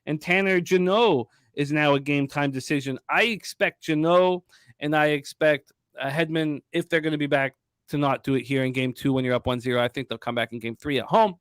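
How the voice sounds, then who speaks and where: A man hosting a sports betting talk show, rattling off hockey stats in a brisk, emphatic way. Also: fairly high pitch, fairly bright tone, clean tone, dry recording, studio quality.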